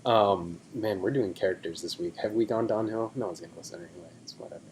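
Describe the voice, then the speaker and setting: A man's voice: on the low side, fast, a little hiss or hum. Young man rambling on a video call. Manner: rambling, self-deprecating, trails off quietly. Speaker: podcast co-host. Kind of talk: casual chat.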